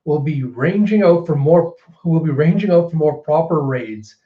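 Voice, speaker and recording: A man's voice: fairly high pitch, animated, moderate pace, lightly acted. A man voicing a menacing male pirate emperor who lays down orders, in a roomy, slightly dull recording. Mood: commanding.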